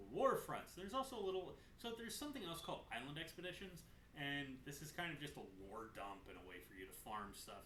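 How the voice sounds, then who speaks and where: A young man casually recapping a game's story, animated, joking and swearing freely. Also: on the high side, a little hiss or hum. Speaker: gaming channel host. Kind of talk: casual game lore recap. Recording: roomy echo.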